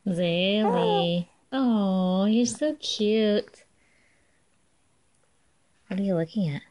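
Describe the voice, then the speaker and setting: A woman's voice: mid-range voice, very slow, darkish tone. A woman filming her children at home on a handheld camera, speaking in cooing, sing-song baby talk. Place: at home, indoors.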